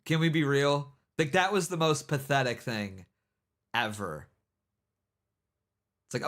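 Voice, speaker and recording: A man's voice: mid-range voice, sing-song, slow pace, long pauses, fairly bright tone. A man hosting a livestream, giving casual, rambling commentary and mocking people, with many repeated "you know what I mean"s. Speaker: livestream host.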